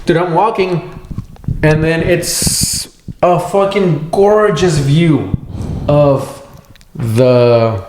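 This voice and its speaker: A man's voice: a little high, drawn-out words. A young man co-hosting a podcast, telling a rambling story in casual chat and swearing freely. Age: young adult. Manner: rambling storyteller, acts out voices, swears a lot. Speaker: podcast co-host. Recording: echoey room with faint noise.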